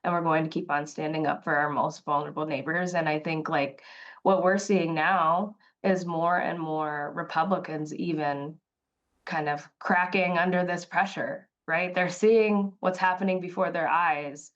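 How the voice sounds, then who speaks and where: A woman's voice: sits low, steady tone, measured pace. A woman city council member speaking in a live news interview, impassioned and emphatic, repeating phrases, and emotional at times. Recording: slightly dull remote audio.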